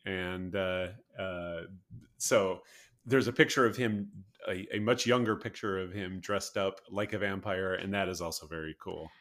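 Man podcast co-host, lower voice, halting and easygoing. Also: fairly even intonation, a bit bright. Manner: hesitant, lots of uh and um, laughs easily. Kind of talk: casual chat.

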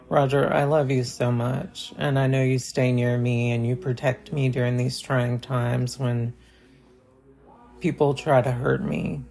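A woman vlogger giving a heartfelt, halting holiday message to her viewers, with many pauses and fillers. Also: extremely low pitch, creaky, darkish tone. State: choked up.

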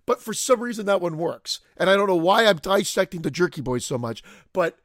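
A man's voice: sits high, animated, a little fast, no room sound, studio quality. A man co-hosting a podcast, chatting casually in a rambling, profane way and laughing easily. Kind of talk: casual chat.

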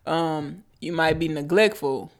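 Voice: medium pitch, unhurried. A podcast co-host in casual chat who talks candidly, tells stories and swears freely. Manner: candid, profane, storytelling.

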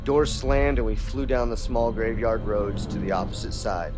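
A man's voice: fairly low pitch, normal speed, loud music behind the voice. A man hosting a podcast, reading a listener's story aloud with casual asides. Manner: laughs easily, reads with asides. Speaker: podcast host.

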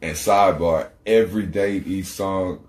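Slangy, laughing Texan podcast storyteller. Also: male voice, low-pitched, fairly even intonation, measured pace, roomy sound, a little hiss or hum. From Texas. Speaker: podcast co-host. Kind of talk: casual chat.

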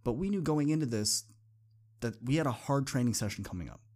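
A man's voice: mid-range voice, lively intonation, brisk, darkish tone. Earnest man hosting a podcast. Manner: earnest, conversational, repeats phrases for emphasis. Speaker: podcast host. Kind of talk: motivational podcast monologue with personal story.

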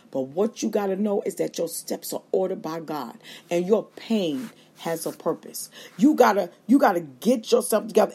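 A woman preaching a sermon on a livestream with fervent call-and-response delivery and quick acted-out asides, speaking. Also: mid-range voice, darkish tone, breathy edge. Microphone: livestream feed.

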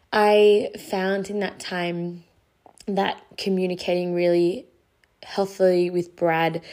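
A woman's voice: on the low side, mellow. A young adult woman hosting a casual faith podcast, earnest and encouraging, rambling a little and out of breath. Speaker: podcast host.

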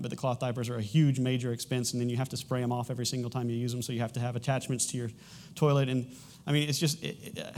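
A man's voice: mid-range voice, a little mellow. A man in his thirties preaching a sermon as a pastor, talking conversationally with frequent restarts and a light humorous touch.

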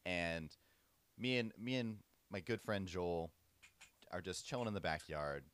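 Young guy with a very deep, smooth voice, easygoing podcast co-host. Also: unhurried. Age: young adult. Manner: relaxed, easygoing storyteller. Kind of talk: casual chat, storytelling.

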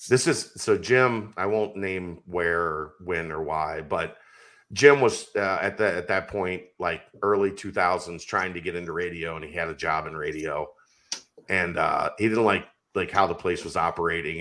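A man with a low, bright, forceful voice holds forth on a sports podcast. He argues insistently in casual debate and drifts into long, rambling stories. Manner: emphatic, insistent, rambling storyteller.

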